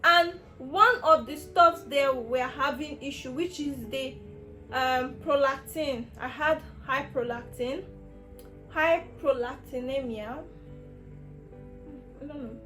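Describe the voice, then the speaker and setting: A woman's voice: high voice, takes it slowly, sharp tone, faint music behind. A young Nigerian woman vlogger telling a personal health story in an emotional, rambling way, full of restarts. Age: young adult.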